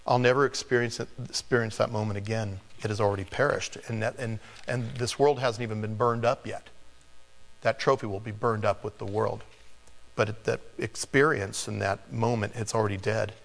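Animated male preacher in a reverberant hall. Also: lowish voice, normal speed, vocal fry. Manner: animated, chuckling storyteller. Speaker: pastor. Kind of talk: sermon with personal storytelling.

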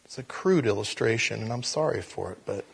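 Male pastor, husky tone, animated sermon delivery, swings from hushed to loud. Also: on the low side, fairly quick. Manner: animated storytelling, whispers and laughs, prayerful close.

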